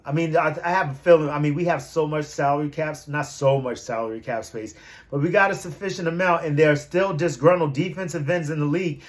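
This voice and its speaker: A young man vlogging about his team in a loose, slangy ramble. His voice runs a little higher than most men's. Every so often he breaks into loud, hyped-up shouts before settling back into easy chatter. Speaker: sports fan vlogger. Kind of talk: casual fan commentary.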